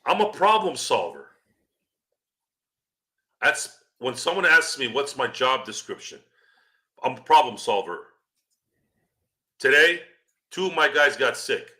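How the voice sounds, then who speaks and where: A man hosting a podcast, ranting angrily and with heavy profanity, his delivery swinging from a low growl to loud outbursts. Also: sing-song, a little slow, long pauses. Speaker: podcast host.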